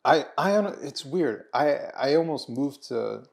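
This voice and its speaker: A man hosting a casual conversation over a meal, speaking haltingly and restarting his sentences often. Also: mid-range voice, animated, creaky, a little mellow. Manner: halting, with many restarts and fillers. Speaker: host.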